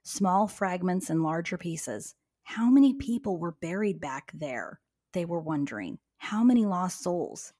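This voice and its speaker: A woman's voice: lowish voice, lively intonation, measured pace, dark tone. A woman co-hosting a true crime podcast, blunt and sarcastic, swearing freely. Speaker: podcast co-host. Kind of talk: casual true crime chat.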